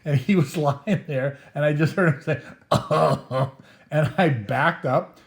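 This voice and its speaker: A man's voice: fairly high pitch, moderate pace. A middle-aged man casually telling a rambling, profane anecdote, often chuckling as he talks. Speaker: storyteller host.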